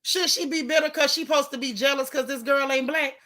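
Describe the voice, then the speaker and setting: Hosting a casual live stream, a woman reads viewer comments aloud and speaks her mind in an animated, outspoken way, repeating herself for emphasis. Her voice is high-pitched and she talks briskly.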